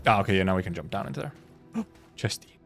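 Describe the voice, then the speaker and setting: A young man chats his way through a video game in a casual, playful stream voice. His pitch swings widely as he reacts, joking, laughing and swearing as he thinks aloud. Soft game music sits in the background. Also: animated, rapid-fire, vocal fry. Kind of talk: casual gaming commentary.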